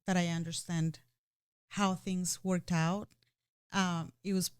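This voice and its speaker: Speaking earnestly and with feeling, a woman opens up in a personal conversation, repeatedly restarting her sentences and saying "you know." She has a fairly low pitch with a clean, slightly mellow tone, and the studio recording is clean with no echo.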